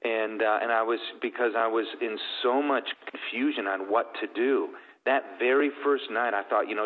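A man's voice: on the low side, normal speed, hardly any pauses. A middle-aged man, a guest, telling an emotional faith story in an earnest, tender way. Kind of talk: emotional testimony. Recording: tinny, phone-like sound with long reverb.

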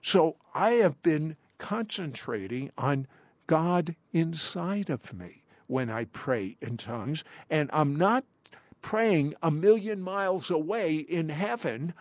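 A man preaching a sermon, quoting scripture with emphatic pauses and telling stories from his ministry. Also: a little high, expressive, dry recording.

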